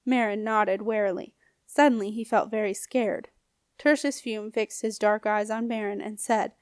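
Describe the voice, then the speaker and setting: A woman's voice: mid-range voice, fairly even intonation, normal speed, smooth, no echo, studio quality. Woman reading a children's novel aloud. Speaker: audiobook reader. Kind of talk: storybook narration.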